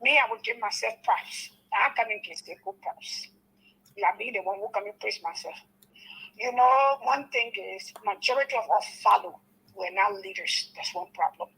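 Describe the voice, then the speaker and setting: A woman's voice: mid-range voice, normal speed, creaky, bright, forceful tone, husky, low-quality recording. A woman calling in to a talk show, speaking earnestly and with a preaching, repetitive manner. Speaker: caller. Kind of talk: call-in talk.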